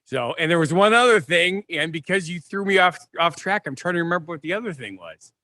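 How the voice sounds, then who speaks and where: A man's voice: sits high, expressive, a little fast, pushed and bright, no echo. A man from the American Midwest, co-hosting a casual podcast chat, talking in a rambling, storytelling way over a video call. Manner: chatty, storytelling, self-interrupting. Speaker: podcast co-host.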